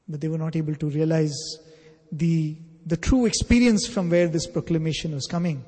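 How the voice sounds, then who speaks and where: A man telling a spiritual teaching story in an earnest, emphatic voice that builds through repeated phrases. His tone is mellow and slightly husky, and somewhat higher than a typical man's. A long hall reverb follows each line. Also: moderate pace.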